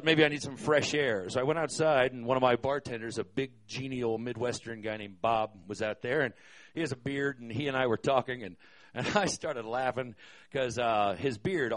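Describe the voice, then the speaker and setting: Wry, profane male storyteller. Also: mid-range voice. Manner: wry, profane, hesitant with many fillers. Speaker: storyteller, concert venue manager. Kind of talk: live stage storytelling.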